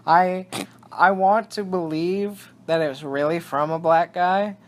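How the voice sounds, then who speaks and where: On a casual podcast, a young male co-host with a high, steady-toned voice talks at a measured pace. His chat rambles, with frequent laughter and sentences he cuts off partway.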